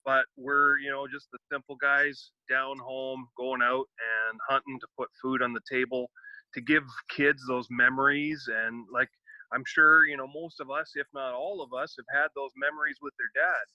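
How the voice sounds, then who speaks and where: A man speaking earnestly as a podcast guest, halting often and using many fillers. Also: medium pitch, level tone, no room sound, highs cut off. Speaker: guest, outdoor mentor. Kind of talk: casual podcast chat.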